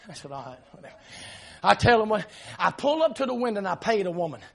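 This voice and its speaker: Preacher guy, real high voice with a bright edge, hollering through a funny story sermon. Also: expressive, quick pace, gravelly. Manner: emphatic, often shouting, laughing through the story. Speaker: pastor.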